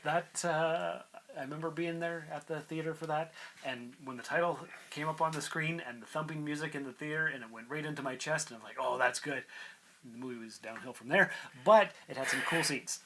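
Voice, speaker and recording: A man's voice: fairly high pitch, fairly quick, pushed and bright, poor audio. Man reading entertainment news on a podcast. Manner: reads entertainment news items aloud with side comments. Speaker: podcast co-host. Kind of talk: casual chat and reading news.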